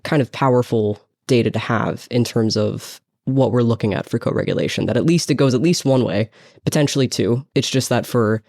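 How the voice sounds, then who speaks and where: A man with a gravelly, fry-laced voice at a middle pitch speaks as a dog behavior consultant and podcast guest. He explains research findings at a steady pace and leans often on filler words. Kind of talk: explanatory interview answers.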